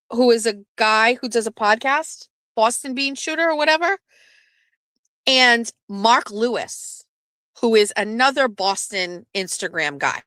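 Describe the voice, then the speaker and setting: This host is a woman whose voice sits on the high side, recorded in studio quality with no echo. On her casual live stream she animatedly tells a story, cursing and performing the voices of those she quotes.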